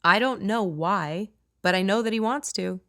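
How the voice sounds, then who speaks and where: A woman voicing a playful, blunt adult friend who teases and pries, a touch higher and louder than her narration. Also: moderate pace, dry recording, studio quality. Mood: knowing. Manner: playful, blunt, lightly sarcastic.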